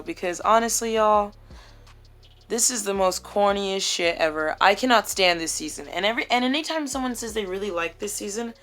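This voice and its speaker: A woman's voice: mid-range voice, a bit bright. A young woman vlogging casually to her phone camera while doing her makeup at home, chatty, joking and candid, with plenty of swearing.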